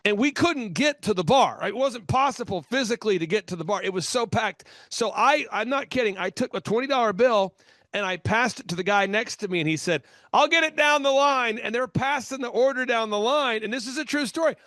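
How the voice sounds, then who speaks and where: A male host with a high, bright voice who talks with energy and emphasis, sometimes rushing through lines in fast bursts. The sound is dry and close, with no room around it. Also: no echo. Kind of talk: business talk show interview.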